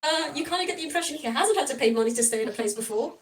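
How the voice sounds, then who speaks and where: A woman's voice: sits high, lively intonation, racing, far from the mic. A woman narrating a tabletop game as game master, chatty and rambling. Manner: chatty and rambling, with frequent fillers and laughter.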